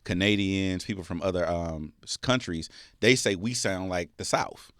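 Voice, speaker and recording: La guy cohost, kinda low voice, animated storytelling, dry sound. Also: normal speed, dry recording. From Los Angeles. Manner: animated storyteller, laughs through stories. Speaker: co-host. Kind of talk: casual podcast chat.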